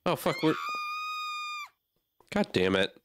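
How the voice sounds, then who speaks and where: A man's voice: on the high side, big pitch swings, takes it slowly, background noise. A man playing a horror game and talking through it aloud, easily startled and swearing often. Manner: jumpy, swears a lot, reacts aloud. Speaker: gamer.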